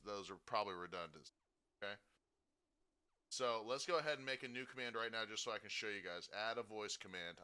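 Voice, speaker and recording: A man giving a casual software tutorial, talking through each step and checking in with frequent "okay?" and "right?". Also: fairly low pitch, clear, resonant tone. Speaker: streaming tutorial host.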